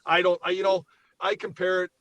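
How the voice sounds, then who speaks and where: Fired-up man ranting, higher voice. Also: flat delivery, fairly quick, a bit bright, dry recording, rough recording. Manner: fired up, swears freely, ranting. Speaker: podcast co-host. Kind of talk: heated sports talk.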